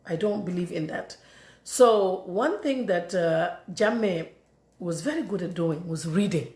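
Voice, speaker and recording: Gambian lady middle aged, casual rant, animated n emphatic, kinda gravelly voice, echoey room. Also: mid-range voice. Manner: animated and emphatic, laughs between points. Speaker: commentator. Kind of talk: casual monologue.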